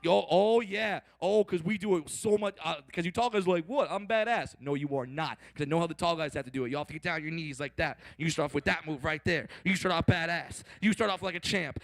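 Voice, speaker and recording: A man with a gravelly voice, captured in a dry recording, performs live stand-up comedy. Brash and profane, he delivers loud punchlines, teases and works the crowd, and mimics other people in higher voices.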